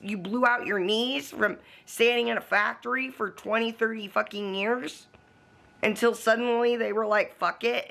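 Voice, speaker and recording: A woman's voice: medium pitch, creaky, a bit bright. A woman vlogging from home in a casual, blunt, profane rant aimed straight at the camera. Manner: talks to the camera.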